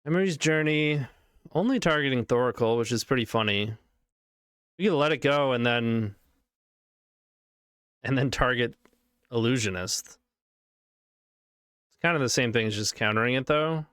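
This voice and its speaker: Casting: male streamer, smooth voice, unhurried delivery, casual running game commentary. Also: mid-range voice, a bit bright, dry recording, studio quality. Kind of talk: live card game commentary.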